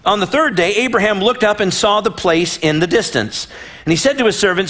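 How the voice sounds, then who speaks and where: A middle-aged man preaching a sermon in a church, his voice sitting a little high for a man. He reads scripture aloud and slips into playful, animated voices to act out the story. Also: fairly quick. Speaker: pastor.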